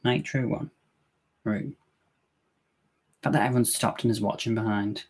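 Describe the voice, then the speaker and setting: A man's voice: on the low side, steady tone, moderate pace, husky. A man in his thirties casually commenting during a live movie watch-along, thinking aloud and swearing freely.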